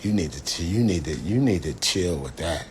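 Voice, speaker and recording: A man impersonating his mother scolding him, in a slow, low, hushed voice. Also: lively intonation, a little hiss or hum. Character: his scolding mother, middle-aged woman, nagging.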